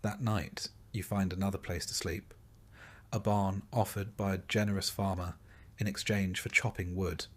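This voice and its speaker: A man narrating a sleep story in a slow, soft and calm voice. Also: low-pitched.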